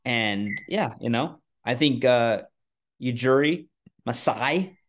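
A man's voice: mid-range voice, expressive, slow. A rambling, self-deprecating man. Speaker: sports podcast co-host. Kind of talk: casual sports chat.

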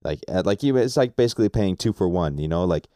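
A man's voice: low-pitched, lively intonation, fast, dark tone, no room sound, clean studio sound. A laid-back man co-hosting a podcast, chatting casually and reacting to stories. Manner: laid-back, easygoing, laughs along. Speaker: podcast host.

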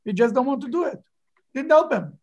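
A man's voice: very high voice, lively intonation, brisk, darkish tone. Man, Bible class teacher, emphatic, rhetorical questions. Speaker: rabbi teaching a Torah class.

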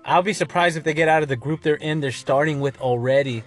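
A man's voice: a little high, fast. A man co-hosting a podcast, talking in a blunt, profane, rambling way. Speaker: podcast co-host. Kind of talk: casual chat.

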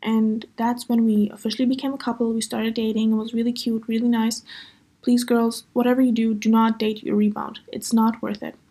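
A woman's voice: a little high, little pitch movement, fairly quick, warm tone, breathy edge. A young woman hosting a podcast, chatting casually through a personal story with lots of fillers. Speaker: podcast host.

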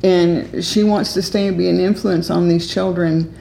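A woman co-hosting a devotional talk, earnest and speaking in quick emphatic bursts. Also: lowish voice, fairly even intonation, vocal fry, warm tone, roomy sound, slight background noise, low-quality recording. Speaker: co-host. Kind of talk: conversational devotional discussion.

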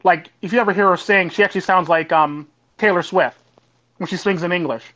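A man from Costa Rica chatting casually on a panel, fast and full of "actually" and "basically". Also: high-pitched, a bit bright, dull audio. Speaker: host.

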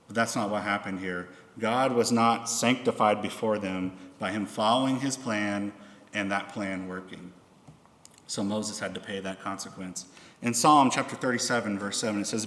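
Male preacher, mid pitch, reads scripture with raised dramatic delivery; recorded in a reverberant hall. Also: a bit bright. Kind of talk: sermon with scripture reading. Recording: echoey hall.

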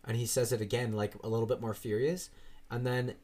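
A man's voice: medium pitch, little pitch movement, fairly quick, darkish tone. A young man in casual chat, telling rambling stories full of fillers and swearing. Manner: rambling storytelling, swears a lot, frequent fillers.

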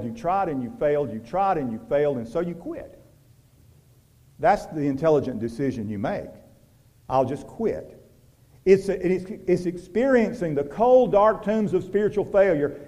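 A pastor preaching a sermon, moving from loud urgent passages to hushed, quiet ones and asking the congregation direct questions. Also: male voice. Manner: preaching with wide swings from loud urgency to hushed, low intimacy.

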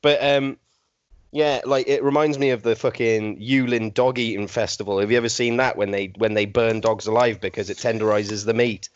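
A man's voice: fairly low pitch, steady tone, normal speed, no room sound, highs cut off. A man co-hosting a podcast, talking in crude, rambling casual banter full of fillers. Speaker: podcast co-host.

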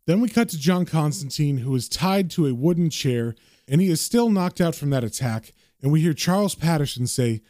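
A man's voice: fairly high pitch, animated, moderate pace, mellow, no room sound, studio quality. Man casually narrating a comic recap. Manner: casual, descriptive storytelling. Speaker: comic book reviewer.

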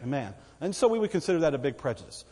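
A man's voice: a little high, big pitch swings, rapid-fire, warm tone, husky, in a large hall. A man with a Texan accent preaching a sermon as pastor, folksy and conversational, with asides to the congregation. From Texas.

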